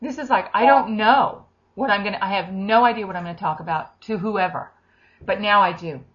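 A woman's voice: medium pitch, brisk, fairly bright tone. A woman leading a charismatic prayer session, talking animatedly and slipping into acted quotes and speaking in tongues. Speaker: prayer minister. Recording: dull lo-fi recording.

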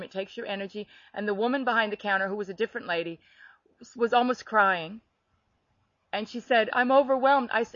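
A woman telling a personal faith story in animated, conversational storytelling, laughing now and then. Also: medium pitch, no echo, highs cut off. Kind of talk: faith testimony chat.

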